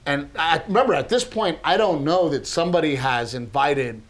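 A middle-aged man, a comedian and podcast host, telling a story in casual chat, animated and swearing freely. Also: on the high side, moderate pace. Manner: animated, swears freely, laughs through acted quotes.

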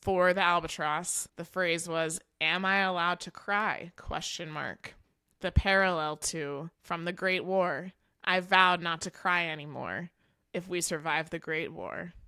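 Female co-host, chatty and argumentative in a playful way, bright voice, lowish pitch. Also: a little slow, smooth. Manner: builds a case playfully, quoting lyrics as evidence. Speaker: podcast co-host. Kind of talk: casual chat.

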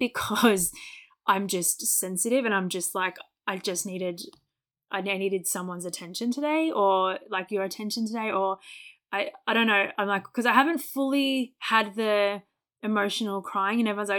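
A young adult woman in a relaxed podcast chat, speaking with a mid-range pitch. She talks openly, laughs often and replays her own remarks in quoted bits. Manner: candid, laughs often, acts out her own past words. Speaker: podcast co-host. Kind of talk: casual chat.

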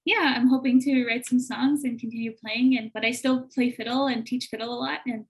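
A woman from Manitoba, Canada, guest on a podcast, telling a story in an animated way and laughing often. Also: on the high side, a little fast, low-quality recording. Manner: animated, laughing often, acts out quoted voices. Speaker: guest, entrepreneur.

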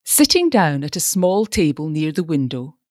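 A woman's voice: sits low, big pitch swings, normal speed, darkish tone, no echo, clean studio sound. A woman narrating an audiobook, reading expressively.

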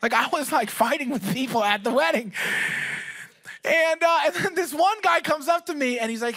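A male pastor preaching a conversational, story-driven sermon. He swings from loud bursts to hushed asides. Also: very high-pitched, expressive, moderate pace.

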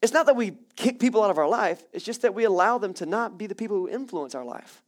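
Lively conversational male pastor preaching. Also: high voice, fast talker, hardly any pauses. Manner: energetic, conversational preaching with fillers. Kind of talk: sermon with closing prayer. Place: church hall with congregation.

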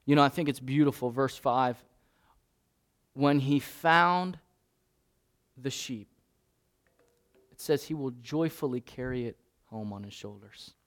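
A man's voice: medium pitch, measured pace, long pauses. A man preaching a sermon as pastor, in an earnest, conversational way with frequent restarts.

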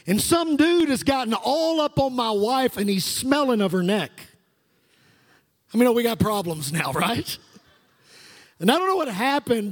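A middle-aged male pastor delivering a sermon with fervent call-and-response preaching in a church sanctuary. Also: very high voice. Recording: long reverb of a large hall.

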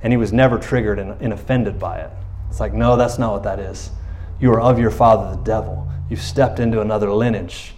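A man preaching in a loose, conversational way, often checking in with his listeners and dropping to a quiet voice for emphasis. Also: fairly low pitch, steady tone, brisk, a little hiss or hum. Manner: conversational, often asks 'you know what I'm saying', drops soft for emphasis. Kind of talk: informal sermon.

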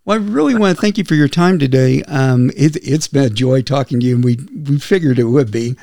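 A man's voice: mid-range voice, fairly quick, vocal fry, darkish tone, no room sound, studio quality. A man hosting a casual podcast, friendly and chatty as he leads the questions. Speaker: podcast host.

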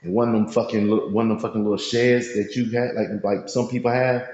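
A man co-hosting a podcast, speaking in a laid-back, halting way with many fillers. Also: fairly low pitch, flat delivery, a little mellow, heavy reverb, in a large hall, muffled recording. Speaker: podcast co-host. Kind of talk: casual storytelling chat.

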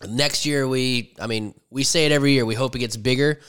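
A man's voice: mid-range voice, steady tone, fairly quick, a bit bright, clear, resonant tone. A man in his thirties co-hosting a casual podcast, joking around with a friend, swearing freely and laughing often. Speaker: podcast co-host. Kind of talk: casual banter.

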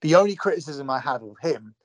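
A man's voice: on the high side, lively intonation, a little fast, dry recording. A young man, a podcast guest, talking heatedly, swearing and repeating phrases for force. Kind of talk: heated casual chat.

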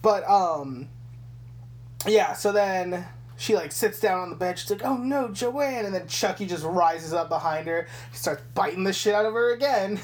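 A woman's voice: on the low side, normal speed. Young woman casually recapping a film. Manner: animated retelling, swearing, acting out lines. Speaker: podcast co-host.

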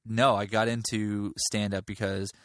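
A man's voice: on the low side, little pitch movement, measured pace, no echo, studio quality. A man in his thirties, a comedian guest chatting casually, laid-back and rambling, laughing easily. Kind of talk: casual chat.

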